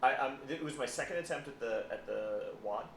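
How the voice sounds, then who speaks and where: A man telling an animated story on a podcast, repeating words as he builds up. His voice sits at a middling pitch. The room is echoey, with a faint hiss underneath. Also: fairly quick. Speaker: psychotherapist guest. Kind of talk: casual podcast chat.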